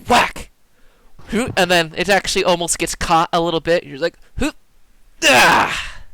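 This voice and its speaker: A man's voice: on the high side, fairly even intonation, brisk, a bit bright, clear, resonant tone, no room sound, poor audio. A man narrating as game master for a tabletop game, casual and laid-back, with plenty of ums.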